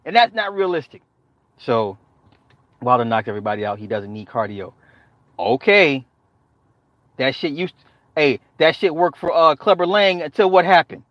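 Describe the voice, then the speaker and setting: Expressive and fairly bright, a high-voiced man streams live at a moderate pace with frequent pauses, swearing and joking, laughing often and answering chat by repeating points. The sound is dull, dry and lo-fi.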